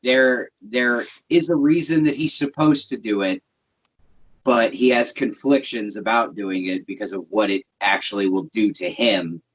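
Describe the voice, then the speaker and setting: A man's voice: lowish voice, a little slow, slightly rough, rough recording. A man cohosting a podcast, rambling in casual chat and swearing casually.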